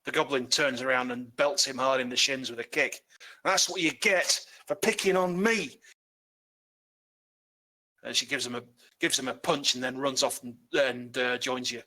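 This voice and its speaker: Bright-voiced male game master. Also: medium pitch, level tone. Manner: loose and halting, with many fillers and restarts. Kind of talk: narrating a tabletop game.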